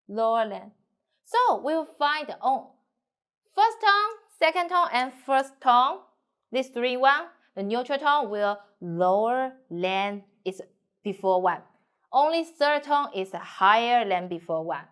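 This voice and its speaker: A woman with a Mandarin Chinese accent teaching a language lesson at a slow, unhurried pace. Her voice sits a little high, and her simple English runs in a singsong way as she models each tone. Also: animated, a bit bright, clean tone.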